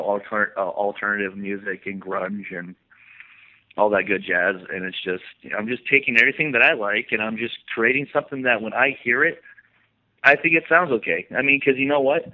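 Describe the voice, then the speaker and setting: Guy on a phone line, talks fast, defensive and sweary, dry tinny sound. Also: on the low side, dry recording. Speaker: musician guest. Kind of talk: casual phone interview.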